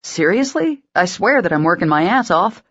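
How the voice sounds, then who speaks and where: A woman's voice: on the low side, very animated, normal speed, a bit bright, muffled recording. A woman voicing an uneasy, hesitant young man. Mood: nervous. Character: nervous young man, anxious boyfriend.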